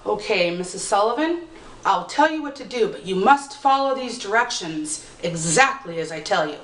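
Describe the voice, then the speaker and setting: A woman voicing an old village cunning woman who gives slow, knowing instructions, recorded from a distance in an echoey room. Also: medium pitch, expressive, a bit bright, close to an everyday voice. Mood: grave. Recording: roomy, distant mic.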